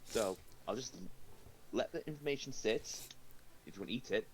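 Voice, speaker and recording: A man's voice: mid-range voice, animated, moderate pace, a little hiss or hum, poor audio. A man playing a tabletop game, breaking in with earnest explanatory asides. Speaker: player.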